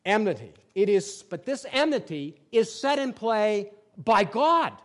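A man's voice: high-pitched, big pitch swings, slow pace, a bit bright. A man preaching a sermon from the pulpit in a church, reading scripture aloud and making emphatic points with plain examples. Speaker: pastor.

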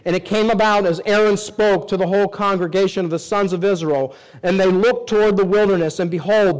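A man preaching a sermon, reading scripture aloud and swinging between emphatic rises and low, quiet drops. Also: poor audio. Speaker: pastor.

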